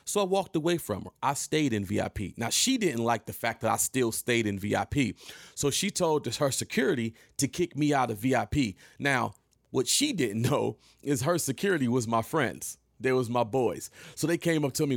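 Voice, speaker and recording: A man in his thirties telling a casual, profane story to his viewers in an animated way, often jumping into other people's voices. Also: medium pitch, normal speed, gravelly, no room sound, clean studio sound.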